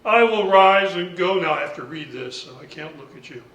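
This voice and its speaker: A man reading a poem aloud in a measured, deliberate way at a poetry salon. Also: high voice, expressive, fairly bright tone. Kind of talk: slow poetry recitation. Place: lounge bar, indoors. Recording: echoey room, voice from far off.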